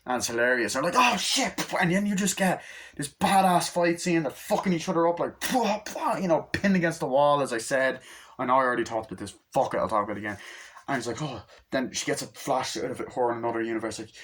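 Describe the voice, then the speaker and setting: Excited young man rambling about a movie. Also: mid-range voice. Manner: excited, swears a lot, acts out scenes with quick voices. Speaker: movie reviewer. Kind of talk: casual rambling movie review. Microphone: phone.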